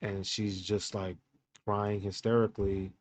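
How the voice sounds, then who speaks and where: A man hosting a podcast, telling a personal story in a candid, halting way with many fillers and restarts. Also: lowish voice, level tone. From United States. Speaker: podcast host.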